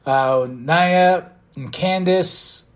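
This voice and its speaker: A man hosting a podcast, recapping wrestling in a casual, excitable way and acting out quotes in loud bursts. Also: sits high, very slow. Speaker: podcast host.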